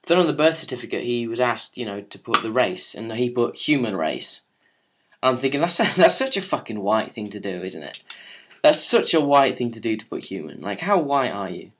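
A man's voice: medium pitch, sing-song, a little fast, fairly bright tone, a little hiss or hum. A young man telling a story and answering viewer questions in a casual, rambling, sarcastic way, often swearing and restarting. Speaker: vlogger.

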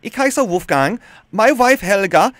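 A man putting on a bad German accent to play a German husband phoning about the pool, speaking slowly and haltingly. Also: high-pitched, expressive, fairly bright tone, no room sound. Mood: earnest. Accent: put-on German accent. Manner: slow, careful, halting. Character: German man on the phone asking about his wife.

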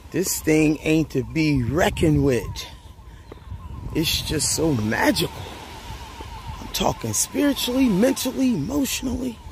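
A man's voice: on the high side, slight background noise. A man chatting casually to his viewers at the beach, telling stories and repeating his phrases. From Grenada. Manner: relaxed, storytelling, uses y'all and repeats phrases. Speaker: vlogger. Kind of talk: casual vlog chat. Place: outdoors at a beach.

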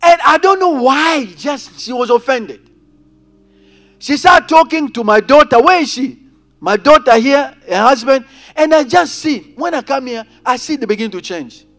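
A man preaching a sermon as pastor, calling out to his congregation and swinging between loud emphasis and quiet asides. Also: very high-pitched, animated, normal speed, soft background music. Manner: preaching with rising and falling intensity, addressing congregation directly. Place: church.

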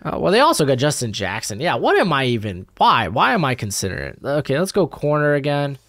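A young man talks casually to his viewers, his pitch bouncing around animatedly as he rambles and corrects himself mid-sentence. The recording is dry and close to the mic. Faint music plays underneath. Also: wildly swooping pitch, brisk, a bit bright, dry recording. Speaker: YouTube mock draft host. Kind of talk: casual live commentary.

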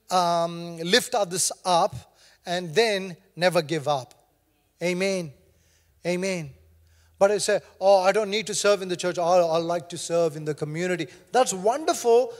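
A man's voice: sits high, long reverb tail. A man preaching a sermon as pastor to his congregation, emphatic and repetitive with frequent calls of "Amen" and humorous conversational asides. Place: church sanctuary.

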